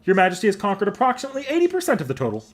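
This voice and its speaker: A man voicing a dutiful male military adviser in a game, giving a brisk, formal report. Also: high voice, wildly swooping pitch, voice pushed up, full character voice. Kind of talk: voicing game dialogue aloud.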